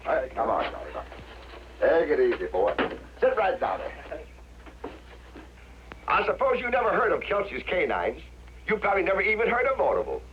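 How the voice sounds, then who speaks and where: A retired vaudeville showman with a lively voice that swings up and down as he jokes. He talks folksy and easy, laughing at his own gags. The sound is a dull, lo-fi 1960s TV soundtrack with a faint hiss. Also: on the high side, normal speed, pauses often. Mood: jovial. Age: older. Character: jovial wisecracking old male ex-vaudevillian farmer. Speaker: retired vaudevillian dog act performer. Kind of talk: 1960s TV drama acting.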